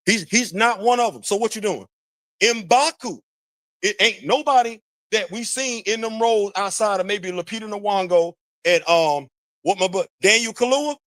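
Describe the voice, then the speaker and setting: High-pitched guy ranting on his show, aave, repeats himself a lot, dry close mic. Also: moderate pace, dry recording. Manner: animated, preachy, repeats phrases, talks to chat. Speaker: podcast host. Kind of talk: casual commentary monologue.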